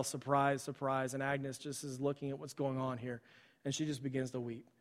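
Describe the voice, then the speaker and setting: A man preaching to his church, telling a story in a conversational way with frequent fillers and restarts. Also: medium pitch. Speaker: pastor. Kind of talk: sermon storytelling. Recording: long hall reverb.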